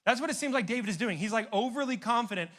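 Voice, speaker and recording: A man preaching a youth sermon in a casual, animated, conversational way, full of slang and asides. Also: very high voice, racing. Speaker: youth pastor.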